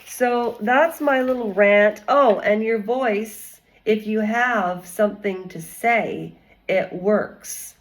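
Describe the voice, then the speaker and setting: A woman's voice: mid-range voice, slow pace, poor audio. A woman vlogger giving casual commentary in a rambling, chatty way with many digressions.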